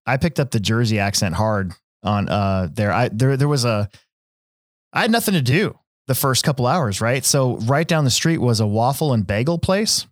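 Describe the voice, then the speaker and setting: A man's voice: mid-range voice, lively intonation, moderate pace, dry recording, clean studio sound. A man from Nebraska hosting a podcast, telling stories in a rambling casual way with lots of fillers and restarts. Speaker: podcast host. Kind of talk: casual chat.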